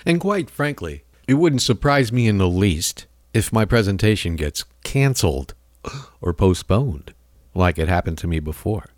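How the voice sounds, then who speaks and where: A man's voice: on the low side, sing-song, normal speed, a little mellow, no echo, clean studio sound. Rambling, sardonic male radio host. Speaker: radio talk show host. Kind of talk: radio commentary monologue.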